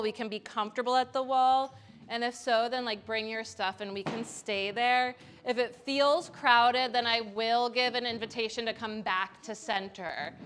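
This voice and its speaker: A woman teaching a live yoga class in a studio, giving calm step-by-step cues with casual asides. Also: on the high side, slight background noise. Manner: calm cueing with chanted Sanskrit and casual asides.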